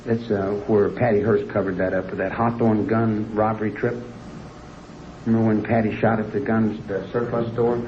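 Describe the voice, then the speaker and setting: Middle-aged inmate, rambling, heats up into indignation; roomy interview room, dull archival tape. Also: male voice, fairly low pitch, level tone, moderate pace, slight background noise. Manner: rambling, repetitive, growing indignant and heated. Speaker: prison inmate being interviewed.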